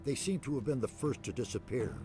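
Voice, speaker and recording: An actor playing an elderly mage leader in a game, speaking in a solemn, measured, formal way. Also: male voice, medium pitch, lively intonation, warm tone, faint music behind, natural voice. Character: elderly male mage leader, grave and fatherly. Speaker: game character.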